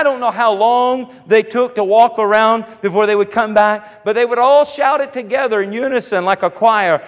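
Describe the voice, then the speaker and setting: High voiced guy preaching, repeats stuff, gets shouty, long hall echo. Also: moderate pace, few pauses. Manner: builds to fervent shouting, repeats phrases. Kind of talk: sermon.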